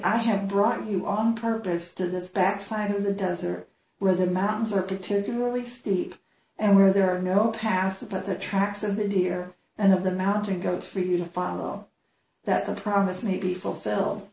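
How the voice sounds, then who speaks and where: A cheerful, kindly male shepherd, as a woman reads him aloud. The lines come with warm good humor and a slight fry. The room gives the voice an echo. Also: mid-range voice, steady tone, moderate pace, close to an everyday voice.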